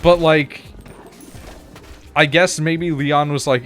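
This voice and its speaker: A man's voice: fairly high pitch, steady tone, slow, a bit bright, soft background music. A man streaming a game, chatting casually in a rambling way, with frequent restarts, laughs and casual swearing. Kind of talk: casual chat while gaming.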